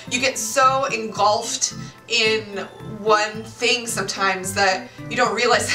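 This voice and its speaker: A bubbly young woman in her late twenties chats to the camera in an eager, exclamatory way. Her voice sits a bit high, and she is picked up from a few steps back in an echoey room with music playing under her. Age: 20s. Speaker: YouTuber. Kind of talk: casual chat to camera. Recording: roomy echo, far from the mic, music behind.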